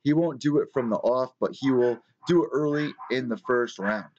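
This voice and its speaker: A man's voice: mid-range voice, moderate pace, lo-fi sound, background noise. A man hosting a live-streamed fight news show from his small apartment, ranting and swearing a lot in casual commentary. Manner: profane, heated ranting. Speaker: MMA news show host.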